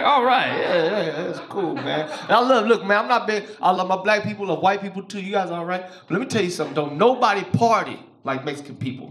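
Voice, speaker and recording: A man's voice: high-pitched, a bit bright. A man doing a stand-up comedy set, loose, profane and playful with the crowd, on a club stage with a handheld mic. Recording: roomy live club sound.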